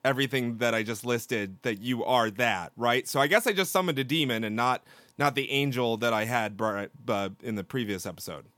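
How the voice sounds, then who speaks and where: A man's voice: mid-range voice, a little fast, fairly bright tone, no echo. A man hosting a podcast, playful and teasing, slipping into theatrical bits. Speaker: podcast host. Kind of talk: casual podcast chat.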